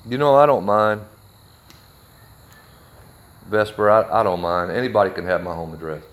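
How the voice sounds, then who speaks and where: A man ranting heatedly on a livestream from his workshop, blunt and forceful. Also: fairly low pitch, moderate pace. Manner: heated, blunt, with a Southern drawl of words. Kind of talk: angry live video rant.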